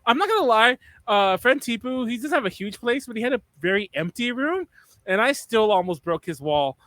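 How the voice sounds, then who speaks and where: A man chatting casually on a podcast, excitable and laughing often, tripping over his words. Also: extremely high pitch, brisk, no echo. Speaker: podcast co-host. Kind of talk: casual chat.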